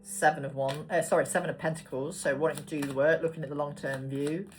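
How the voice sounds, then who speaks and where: A woman's voice: deep voice, steady tone, fast talker. A woman giving a casual tarot card reading, chatty and swearing casually as she talks. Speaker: tarot reader. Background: background music.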